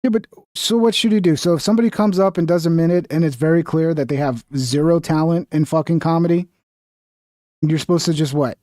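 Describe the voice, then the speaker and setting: A man's voice: fairly high pitch, fairly quick, darkish tone, no room sound, clean studio sound. A man giving casual reaction commentary on a video, blunt and profane, mocking the views he disagrees with. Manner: blunt and profane, mocks others in whiny voices.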